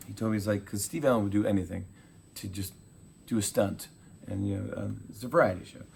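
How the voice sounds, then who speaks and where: A man in his forties, a talk show host, telling animated stories in a casual interview and acting out quotes. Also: lowish voice, fairly quick, gravelly, slight background noise. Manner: animated storyteller, acts out quotes.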